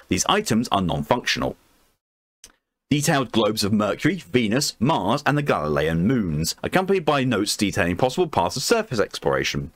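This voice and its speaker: A man's voice: mid-range voice, no echo. Man reading aloud on a stream. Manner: reads aloud, breaks off to swear and react.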